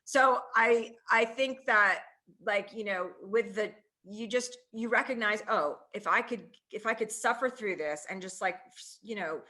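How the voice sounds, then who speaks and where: A woman in her forties speaks with a bright, forceful tone as a guest on a remote interview call. Her talk is candid and loose, with plenty of fillers as she works through her thoughts, at a mid pitch. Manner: candid, fast-moving, heavy use of fillers like "you know". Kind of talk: casual conversational interview. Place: remote, on a call from a ski trip.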